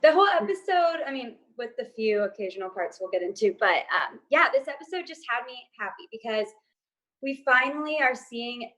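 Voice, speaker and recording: A woman's voice: fairly high pitch, lively intonation, a little fast, fairly bright tone. A woman on a casual TV recap panel, talking thoughtfully and hedging with many ums. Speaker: co-host panelist.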